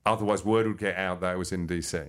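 A man's voice: sits low, fairly even intonation, fast talker. A British man, a comedian guest, telling stories in casual interview chat. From Britain. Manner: storytelling with quoted voices.

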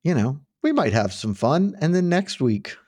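A man's voice: a little high, very animated, moderate pace, darkish tone. A man co-hosting a casual sports-betting podcast, full of wry, joking banter. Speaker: podcast co-host.

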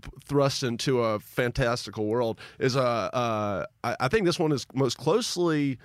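A man's voice: mid-range voice, lively intonation, dry recording, studio quality. Stammering man in casual chat. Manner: halting, stammering, profane. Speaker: podcast co-host. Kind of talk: casual film discussion.

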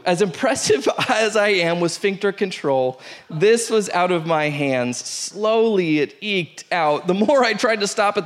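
Guy with a pretty high voice reading a funny story out loud, keeps cracking up. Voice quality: animated, breaks into laughter, shouts out the quoted lines. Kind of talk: comic storytelling read aloud.

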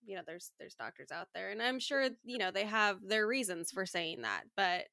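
A woman's voice: medium pitch, lively intonation, moderate pace, vocal fry, pushed and bright, no echo, clean studio sound. A woman hosting a podcast, supportive and easygoing as she chats with her guest. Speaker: podcast host. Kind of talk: casual interview chat.

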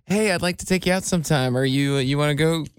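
A man's voice: fairly high pitch, fast talker, clean tone, dry recording, clean studio sound. A man co-hosting a radio show, joking and self-deprecating in casual banter. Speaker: radio co-host.

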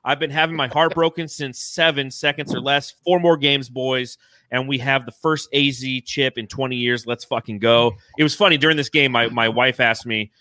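A young adult man hosting a casual podcast livestream, excitedly thanking donors and swearing freely. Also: mid-range voice, moderate pace, no echo, clean studio sound. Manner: excited, swearing, reads donations aloud. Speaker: podcast host.

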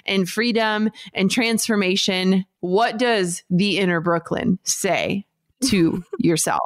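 Woman, podcast host, unhurried and measured, easy laugh. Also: medium pitch. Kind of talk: casual interview chat.

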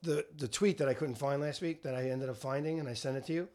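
A man's voice: mid-range voice, fast, darkish tone. A middle-aged man co-hosting a casual podcast chat, rambling and defensive, laughing often. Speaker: podcast co-host, father of a host.

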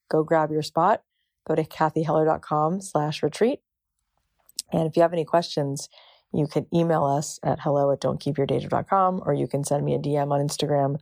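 A woman hosting a podcast speaks in a deep, mellow tone and keeps her delivery calm and measured. The sound is close and dry, with no room around it. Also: no room sound. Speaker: podcast host. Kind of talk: podcast ad read for her own event.

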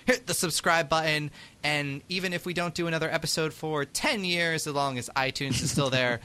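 A man's voice: on the high side, steady tone, moderate pace, sharp tone, a little hiss or hum. A man hosting a podcast in casual chat, laughing often while he gives plugs and thanks listeners. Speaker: podcast host.

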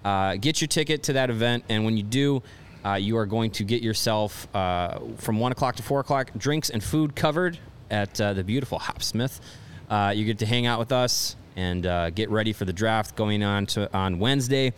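Low-voiced man rambling on a podcast. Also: slight background noise. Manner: loose, halting delivery with many restarts. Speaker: podcast co-host. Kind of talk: casual sports podcast chat.

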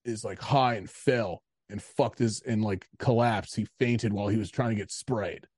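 A man's voice: mid-range voice, normal speed, a little mellow, no room sound, clean studio sound. A man co-hosting a podcast, telling a story in casual chat, rambling and swearing with lots of "like". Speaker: podcast co-host.

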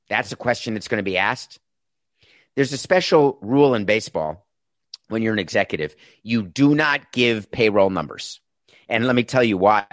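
A man's voice: on the low side, fairly bright tone, no echo. Middle-aged man, ex-baseball executive, emphatic and sarcastic commentator, dry close recording. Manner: emphatic, sarcastic, punchy delivery. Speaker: former baseball team executive. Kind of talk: opinionated commentary monologue.

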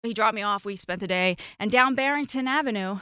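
A woman guest on a podcast, telling a personal story in casual chat, animated and prone to trailing off and restarting. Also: medium pitch, brisk, clean tone, no echo, studio quality. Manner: animated, acts out quoted voices.

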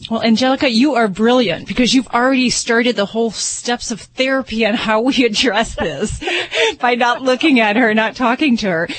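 A woman's voice: a little high, poor audio. A woman answering callers' pet questions on a radio show, explaining things in a friendly way. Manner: explanatory, friendly, laughs easily. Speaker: pet behavior expert. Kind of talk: radio advice.

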